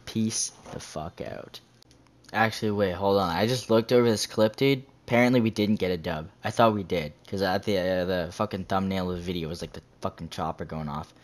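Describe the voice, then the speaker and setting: A man's voice: low voice, brisk. A young man telling a story casually over gameplay, slangy and full of swearing. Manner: profane, slangy, says "dude" constantly. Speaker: gaming vlogger.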